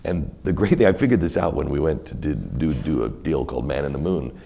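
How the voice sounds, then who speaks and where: Very deep gravelly man telling stories. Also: fairly quick. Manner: animated, rambling storyteller who quotes others in many voices. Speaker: guest. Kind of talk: storytelling in a live onstage conversation. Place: university event hall with a live audience.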